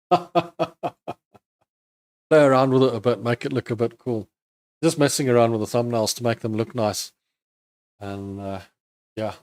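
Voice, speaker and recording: A man's voice: fairly low pitch, darkish tone. A man hosting a live trading stream, casually thinking aloud over charts and chatting with viewers. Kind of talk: live market commentary.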